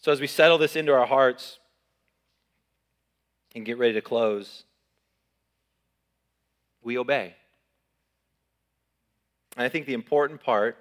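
A pastor preaching a sermon in an animated, conversational way, often repeating his words. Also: medium pitch, unhurried, long pauses. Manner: animated, repeats words, uses sports analogies.

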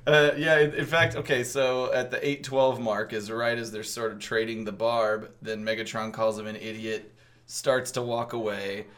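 A man's voice: medium pitch, level tone, moderate pace, fairly bright tone. A man co-hosting a podcast, casually recapping a film's plot and laughing often. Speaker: podcast co-host. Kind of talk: casual chat.

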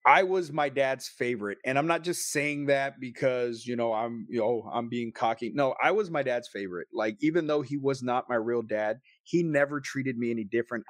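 Man, 30s, spins a raw personal story with swearing and quick bursts, mid pitch, dead-dry room. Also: no room sound. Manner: emotional, profane, quick bursts. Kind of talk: casual storytelling.

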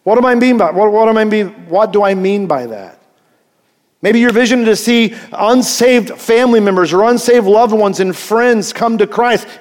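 A middle-aged man preaching in a high voice, now and then pushing to near shouts to drive his point home. He keeps asking his congregation questions. His sermon rings out through a big sanctuary with a long echo. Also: moderate pace. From Eastern Kentucky. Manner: animated preaching, asks the crowd questions, rises to near shouts. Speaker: pastor. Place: large church sanctuary. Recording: long reverb of a big hall.

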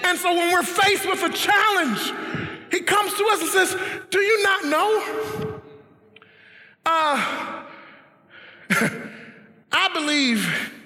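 A man preaches in a very high, animated voice, emphatic and often rising to shouts. He speaks slowly, with a bright, forceful tone. His voice rings through a roomy church hall with a long echo. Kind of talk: sermon.

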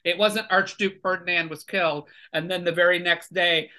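Casting: male podcast guest, bright tense voice, emphatic and lecturing. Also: high voice, fairly even intonation, normal speed. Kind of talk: casual podcast chat.

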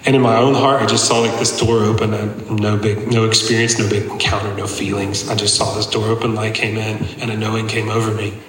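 A man's voice: fairly low pitch, level tone, fairly quick, few pauses, crowd noise. A man preaching a personal testimony to a congregation in a conversational, earnest way, full of casual fillers. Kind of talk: sermon testimony. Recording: echoey hall, long reverb.

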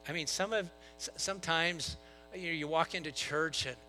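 A man preaching a sermon to a church, telling stories and swinging between soft asides and loud bursts. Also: on the high side, steady tone, moderate pace, soft background music, low-quality recording. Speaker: pastor.

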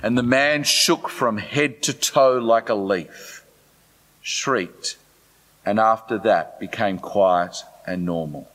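A man voicing a male eyewitness who slowly retells a strange scene in a synagogue, in a reverberant hall. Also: fairly low pitch, a bit bright, voice pushed down. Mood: awed.

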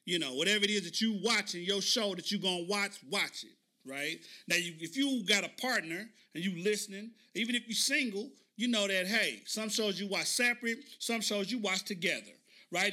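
A man hosting a podcast, telling a story in a casual, animated way and often asking listeners "right?". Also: high voice. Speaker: podcast host.

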